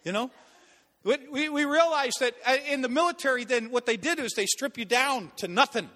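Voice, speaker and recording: A man preaching a sermon, telling stories in an animated way and acting out voices. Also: very high-pitched, fairly quick, big-room sound. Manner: animated, acts out voices and laughs at own stories. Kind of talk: sermon with storytelling.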